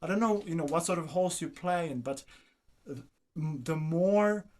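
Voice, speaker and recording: A man's voice: fairly high pitch, normal speed, darkish tone, a little hiss or hum. Man coaching a violin masterclass. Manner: coaxing, sings phrases, asks "do you understand?". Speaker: violin teacher.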